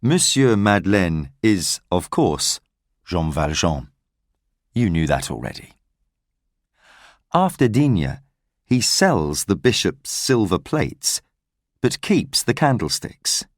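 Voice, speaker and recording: Man reading an easy english story really slowly, dry close sound. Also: deep voice, sing-song, no room sound. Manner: slow, clear, carefully paced reading. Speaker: narrator. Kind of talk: graded reader audiobook narration.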